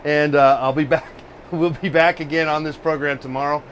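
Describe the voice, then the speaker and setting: Male host, casual live-stream chatter, swears freely, exasperated, fairly high voice, faint hum of air conditioning behind. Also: steady tone, normal speed. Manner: profane, exasperated ranting.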